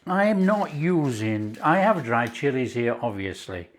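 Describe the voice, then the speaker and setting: A man's voice: mid-range voice, very animated, a little slow, noisy background. Chatty Yorkshire man hosting a cooking show. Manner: enthusiastic, chatty, explains each step. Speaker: cooking channel host. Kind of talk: casual cooking demonstration.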